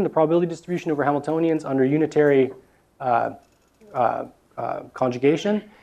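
A man's voice: on the high side, a little mellow. A young man giving an academic lecture with slides, talking with many fillers and restarts.

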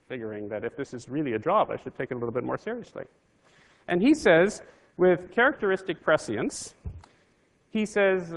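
Male physicist, gravelly middle voice, dry conversational storyteller. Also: mid-range voice, animated, brisk. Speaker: physicist telling his career story. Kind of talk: anecdotal talk to an audience.

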